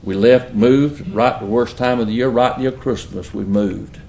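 A man's voice: mid-range voice, fairly even intonation, measured pace, warm tone, reverberant, a little hiss or hum. A middle-aged man with a Southern US accent, preaching and telling stories in an earnest, folksy way. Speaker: pastor. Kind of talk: sermon storytelling.

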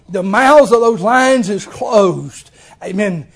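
A man, preaching with a strikingly high-pitched voice. He tells the story in a folksy, homespun way, full of exclamations and chuckles. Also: expressive, takes it slowly, gravelly, breathy edge. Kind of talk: folksy sermon.

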